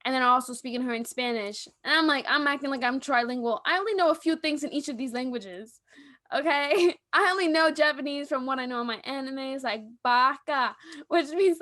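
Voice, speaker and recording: Young female podcast co-host, high voice, animated storyteller, dry close sound. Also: dry recording. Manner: animated storytelling, acting out quotes with laughs. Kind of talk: casual chat.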